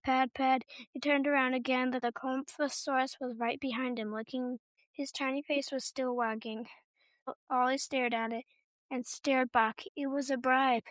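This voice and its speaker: A woman reads a children's story aloud in a steady, unhurried way, now and then tripping on a word. Her voice is high and stays level with little melody. The recording is close and dry, with no room sound. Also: no room sound. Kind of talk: storybook narration.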